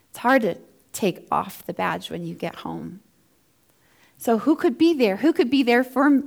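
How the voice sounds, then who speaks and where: A woman in her thirties, founder of a ministry for first responder families, giving an earnest, heartfelt personal testimony. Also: a little high. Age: 30s. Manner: earnest, heartfelt, acts out quoted dialogue.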